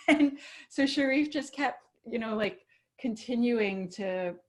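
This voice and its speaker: A woman guest on a podcast telling a story casually, laughing often and acting out what others said in a lively way. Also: fairly high pitch, takes it slowly.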